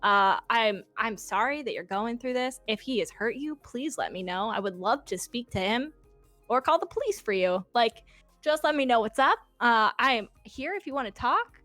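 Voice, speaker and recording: A woman in her twenties, a guest telling a personal story in casual chat, animated and swearing, laughing often and acting out quotes. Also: a little high, normal speed, dry recording, soft background music. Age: 20s.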